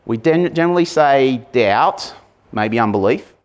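A man's voice: medium pitch, expressive, measured pace. Male preacher, casual sermon delivery, engages the congregation with questions. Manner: conversational, asks the congregation questions; acts out shouted lines with sudden loud bursts.

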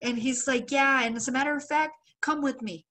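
Her voice is high-pitched, pushed, and bright, with fairly even intonation and a slightly fast pace. As a podcast co-host, she chats through a long story, voicing the quotes, laughing often, and peppering it with casual swearing and filler.

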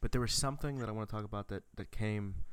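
A young man chats into the mic for his podcast, telling a long story with eager, rambling energy. His voice is low and smooth. The sound is dry and close. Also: fast, fairly bright tone, dry recording. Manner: enthusiastic, rambling with restarts. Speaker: podcast host. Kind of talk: casual storytelling chat.

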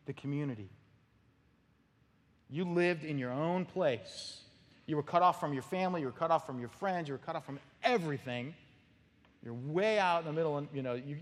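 Male pastor preaching, slightly high voice, animated storyteller, sudden shouts, long reverb of a large hall. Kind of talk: expository sermon.

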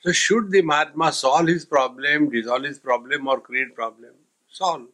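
A male swami gives a light-hearted spiritual talk, turning it into stories and jokes. His voice is bright and forward, and he sits at a mid pitch for a man. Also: moderate pace, low-quality recording. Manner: storytelling with jokes, mixing in Hindi sayings. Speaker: swami teaching a spiritual text. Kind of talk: humorous spiritual discourse.

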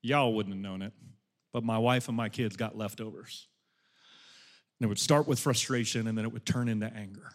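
A middle-aged man preaching a sermon as a pastor, moving from loud, impassioned exhortation to soft, hushed storytelling. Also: fairly low pitch, normal speed.

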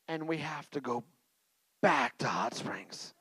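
A male pastor, preaching a sermon with a personal story and energetic call-and-response exhortations. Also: mid-range voice, slow pace, husky, no echo, poor audio. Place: church.

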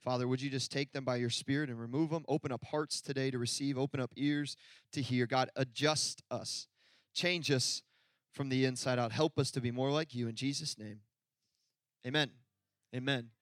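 A man's voice: medium pitch, fairly even intonation, normal speed, no echo. A man preaching a sermon to a congregation, telling a story with laughter and asides to the crowd. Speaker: pastor. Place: church hall before a congregation.

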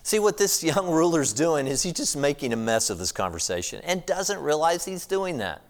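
A man's voice: fairly high pitch, sing-song, moderate pace. A middle-aged American man, a pastor preaching a sermon in a conversational, storytelling way. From United States.

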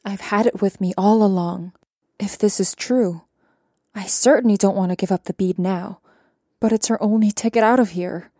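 A young adult woman reading a first-person story aloud in a calm, even narration with quiet character voices. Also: mid-range voice, moderate pace, no room sound, studio quality. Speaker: audiobook narrator.

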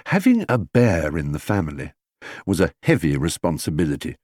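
A man reading a children's storybook aloud as scripted audiobook narration, lively and expressive. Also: deep voice, normal speed, no echo. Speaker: audiobook reader.

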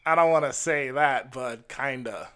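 A man voicing a chirpy young female car rental clerk who talks in a high, sugary, hesitant way. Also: unhurried, a bit bright, smooth. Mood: awkward.

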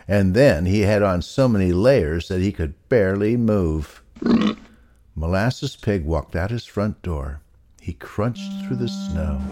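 A man reading a children's story aloud in an unhurried, expressive way. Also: low-pitched, a little hiss or hum.

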